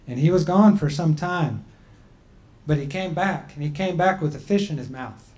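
A man giving a talk and telling a traditional creation story in a measured, deliberate way with frequent pauses. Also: on the high side, a little mellow. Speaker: speaker.

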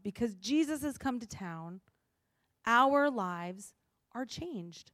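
A woman's voice: fairly high pitch, slow, dry recording, clean studio sound. Earnest woman pastor preaching. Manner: earnest, expressive, acts out quoted lines. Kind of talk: sermon.

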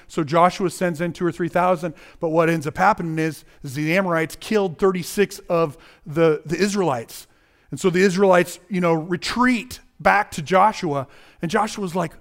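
A man's voice: high voice, moderate pace. A man giving a conversational sermon, talking directly to the listeners as guys and often restarting his phrases. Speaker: preacher.

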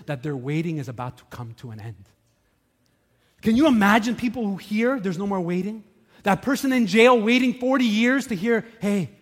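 A man preaching a sermon as a pastor, telling stories with big swings from shouting to hushed. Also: high voice. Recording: long reverb of a large hall.

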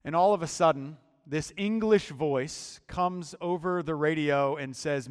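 A man preaching a sermon in a deliberate, emphatic style, often repeating words as he builds his point. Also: fairly high pitch, clean tone. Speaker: pastor. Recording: long hall reverb.

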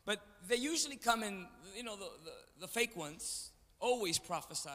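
A man's voice: high voice, lively intonation, normal speed, hardly any pauses, pushed and bright. A man preaching as a guest speaker, joking with the congregation and calling for them to answer back, in a large church. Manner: joking, call-and-response with the crowd. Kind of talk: energetic sermon. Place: church sanctuary, large indoor. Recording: reverberant church hall.

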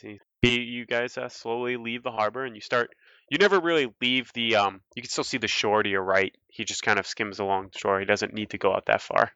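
A man's voice: mid-range voice, fairly even intonation, a little fast, bright, forceful tone, clean tone, dry recording, highs cut off. A man running a tabletop game as game master, narrating in a casual, rambling way.

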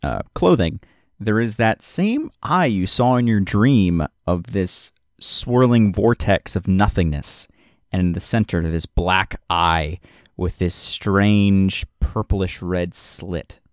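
A man with a low-pitched voice narrates a tabletop game as its game master. He talks in a relaxed, hesitant way, full of fillers. The sound is dry and close. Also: slow, no echo.

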